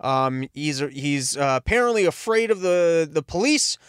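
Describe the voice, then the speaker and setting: A man talks in a loose, sarcastic monologue, drifting between tangents and cutting himself off mid-thought. His voice sits fairly high for a man. The sound is dry and close, with no room in it. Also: expressive, measured pace, clear, resonant tone, no room sound. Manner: rambling, sarcastic, self-interrupting. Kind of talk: rambling comedic monologue.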